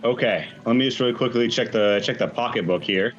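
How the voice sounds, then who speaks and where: A man's voice: medium pitch, brisk, fairly bright tone. A man playing in a tabletop role-playing game, talking casually and profanely, on slightly dull audio with faint music. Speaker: player.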